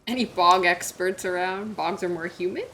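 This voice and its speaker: Chatty woman game streamer, bright tone, playful live commentary. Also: lowish voice, normal speed, a little hiss or hum. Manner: chatty, joking, reacts aloud.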